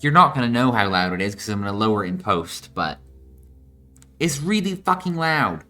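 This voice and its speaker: A man's voice: lowish voice, very animated, normal speed, sharp tone, faint music behind. A man reading a story game's text aloud and making casual, swearing asides as a let's play host, while ill. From United States.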